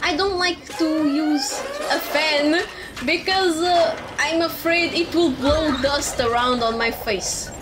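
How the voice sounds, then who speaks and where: A woman streaming a video game in casual commentary, excitable, swearing and laughing often. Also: sits high, takes it slowly, very noisy. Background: game music.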